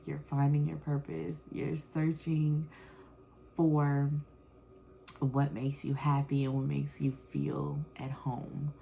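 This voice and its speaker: Woman, podcast host, mother, casual solo chat, candid and rambling, low voice, mellow tone. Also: vocal fry, a little hiss or hum. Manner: candid, rambling, frequent fillers and self-corrections. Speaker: mother of children.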